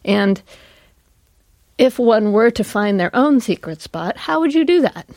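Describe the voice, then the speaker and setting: Gravelly-voiced woman host asking questions. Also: fairly high pitch, sing-song, measured pace, darkish tone, dry recording. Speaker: host, interviewer. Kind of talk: casual interview.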